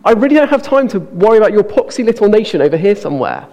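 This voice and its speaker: A brisk, impatient God who brushes people off, put on by a preacher. The voice is raised and gravelly. It rings through a long, echoing hall. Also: male voice, sits high, sing-song, a little mellow, pitched above the performer's own voice. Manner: brisk, exasperated, talking down. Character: God as imagined, impatient and dismissive.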